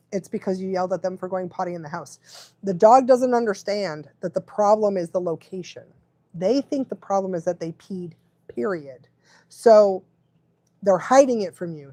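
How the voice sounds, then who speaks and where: A woman's voice: medium pitch, warm tone, no echo. A woman dog trainer giving casual live advice, chatty, often laughing and checking in with the listener.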